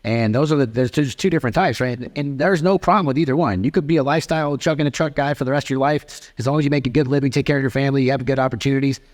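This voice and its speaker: A man in his thirties hosting a podcast, telling stories in casual conversation with lots of profanity and animated asides. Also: mid-range voice. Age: 30s. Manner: rapid, profane, animated storytelling. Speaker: podcast host.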